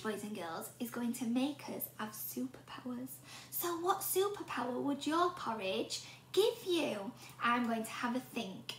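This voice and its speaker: A woman teacher reading a storybook aloud to young children and asking them questions along the way. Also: on the high side. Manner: animated, asks the children questions. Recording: roomy echo.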